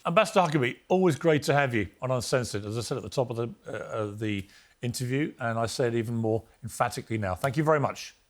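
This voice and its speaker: Casting note: middle-aged male talk show host, brisk, cuts in to steer the debate, mid-pitched. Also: lively intonation. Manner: brisk, interrupting. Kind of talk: TV debate hosting.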